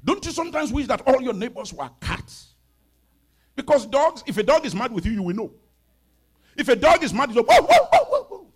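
A man in his fifties preaching a sermon as pastor, animated, with sudden shouts and soft asides. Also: extremely high pitch, fairly quick, pauses often, slightly rough. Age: 50s.

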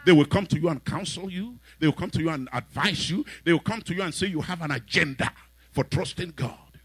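A man preaching a sermon who retells scenes dramatically and rises to shouts. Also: a little high, brisk, breathy edge, no echo. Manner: dramatic storytelling, acting out characters, shouting peaks.

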